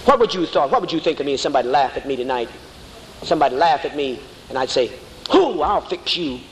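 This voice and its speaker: A male preacher with a mid-range voice delivers a fast, animated, fiery sermon in a church hall, mocking his congregation and calling listeners honey. The recording has an echoey hall sound with faint noise.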